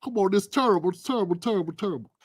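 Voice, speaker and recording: Man doing a low drawling fed-up pundit. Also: rapid-fire. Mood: exasperated.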